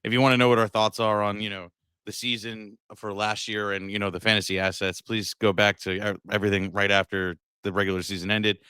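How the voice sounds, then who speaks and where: A man's voice: on the low side, flat delivery, fairly quick, bright, forceful tone, smooth, no room sound, studio quality. A man co-hosting a sports podcast in loose, joking casual chat with plenty of fillers. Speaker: podcast co-host.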